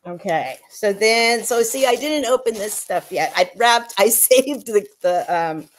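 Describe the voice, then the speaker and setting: A woman's voice: mid-range voice, expressive, measured pace, a little hiss or hum. A woman vlogger chatting casually on a livestream, gushing and rambling, teary after crying. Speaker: vlogger opening gifts.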